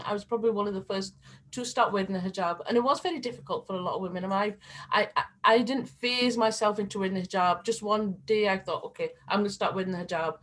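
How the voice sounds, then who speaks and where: A middle-aged woman making her case on a video call. She speaks with passion and pushes her points with rising emphasis. Her voice sits at an ordinary pitch for a woman. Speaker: panelist. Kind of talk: earnest discussion on a video call.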